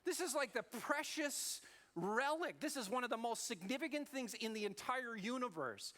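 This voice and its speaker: Man, pastor, sermon, lively storytelling, expressive pitch. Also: moderate pace. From Australia. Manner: animated storytelling, acting out voices.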